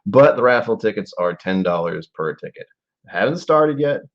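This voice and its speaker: A man's voice: on the low side, animated, normal speed, highs cut off. A man in his forties hosting a casual live-stream tasting, musing aloud and rambling with trailing asides. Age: 40s.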